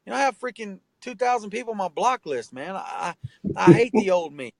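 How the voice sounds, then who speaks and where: A man with a high voice speaks earnestly and emphatically, tossing in "man" and "bro" and swearing freely. The sound is dry and close to the mic, with no room around it. He tells his story with heartfelt intensity. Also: big pitch swings, brisk, creaky, no echo, low-quality recording. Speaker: rapper and tattoo artist, guest. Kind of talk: candid interview talk.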